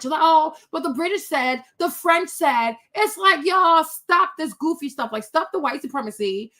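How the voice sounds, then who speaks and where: A woman's voice: high voice, bright, forceful tone. A woman hosting her own political commentary, blunt, sassy and profane, scolding the people she talks about. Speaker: commentary host.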